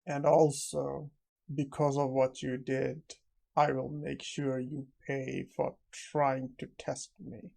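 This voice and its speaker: A man voicing a cold, confident young necromancer in a calm, level delivery. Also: medium pitch, slow, gravelly.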